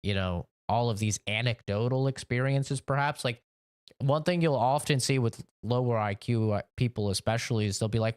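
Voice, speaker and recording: A man's voice: mid-range voice, moderate pace, clear, resonant tone. A man chatting casually while streaming a game, rambling and opinionated, leaning on "you know" and swearing now and then.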